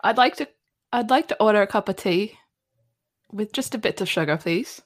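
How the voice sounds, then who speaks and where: A woman's voice: on the high side, animated, normal speed, a bit bright, voice pushed up. A woman putting on a tipsy English lady, giggly. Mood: prim. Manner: put-on English accent, giggly.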